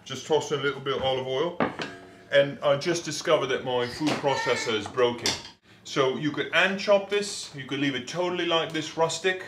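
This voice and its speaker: A man hosts a home cooking demonstration in a hammy, put-on comic accent. He walks through each step chattily and keeps his pitch in a middle range. The kitchen sounds roomy and noisy, with pans sizzling and clattering behind him. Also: moderate pace. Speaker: cooking show host. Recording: echoey kitchen with background noise.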